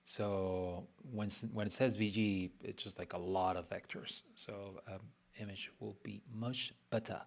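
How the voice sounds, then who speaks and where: Slow, low-voiced man muttering as he designs. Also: fairly even intonation, creaky. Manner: mutters to himself, chatty, self-teasing. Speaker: web designer streaming his work. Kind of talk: casual live design walkthrough.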